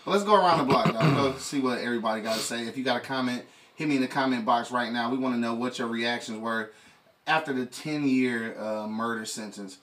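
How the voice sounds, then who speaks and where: A man's voice: medium pitch, fairly quick, a bit bright, far from the mic. A man hosting a casual podcast chat, loose and profane, laughing often and restarting his sentences. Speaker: podcast host.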